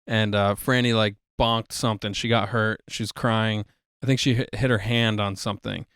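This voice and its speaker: A man's voice: fairly low pitch, moderate pace, clean tone, dry recording, clean studio sound. A man co-hosting a casual podcast, telling jokey family stories. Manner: storytelling, jokey, animated impressions. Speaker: podcast co-host. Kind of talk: casual chat.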